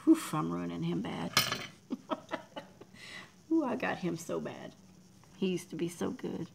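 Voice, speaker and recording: A woman's voice: fairly low pitch, lively intonation, normal speed, vocal fry, mellow, slight background noise, low-quality recording. A Texan woman from Texas chatting casually with her livestream viewers, rambling, reading the chat aloud and laughing often. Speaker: livestream artist.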